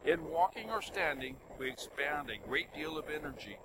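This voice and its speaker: Animated older male preacher, noisy recording. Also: a little high, moderate pace. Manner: animated storytelling, swings between loud emphasis and soft asides. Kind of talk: sermon.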